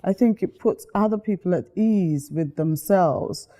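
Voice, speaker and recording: Lively storytelling woman with a mellow voice. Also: on the low side, a little slow. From Guyana. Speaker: guest. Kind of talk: casual interview chat.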